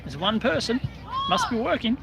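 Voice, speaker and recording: A man's voice: very high voice, huge pitch swings, normal speed, gravelly, a loud crowd, heavy background noise. An Australian man hosting a casual outdoor live stream, chatting and greeting viewers by name in a rambling way. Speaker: livestream host.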